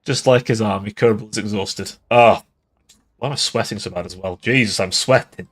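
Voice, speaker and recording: A man's voice: on the low side, normal speed, a bit bright, husky. A tipsy man giving casual livestream commentary on a strategy game, swearing often and laughing between remarks. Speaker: game streamer.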